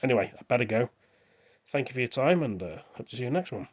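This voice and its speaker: Background noise accompanies an English vlogger whose medium-pitched voice is expressive and quick. Speaking to camera on his phone, he gives a casual, rambling monologue that hops from subject to subject.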